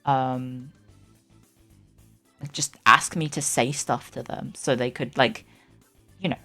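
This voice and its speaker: A woman's voice: extremely low pitch, steady tone, takes it slowly, sharp tone, soft background music. A young woman chatting candidly on a live stream, hesitant and full of fillers. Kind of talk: casual chat on a live stream.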